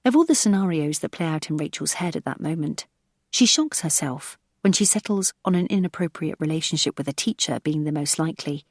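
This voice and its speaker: A woman narrating an audiobook thriller in a measured, even storytelling voice. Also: sits low, no echo, clean studio sound. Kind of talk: scripted narration.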